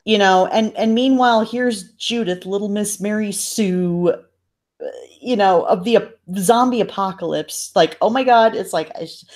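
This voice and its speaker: Brief: woman co-host, average pitch, exasperated, profane, casual. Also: normal speed, a little mellow. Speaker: podcast co-host. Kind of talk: casual chat.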